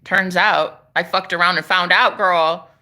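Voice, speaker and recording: A woman telling a story casually on a vlog, excitable and profane, talking outdoors on a porch. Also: fairly low pitch, measured pace. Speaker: spiritual vlogger.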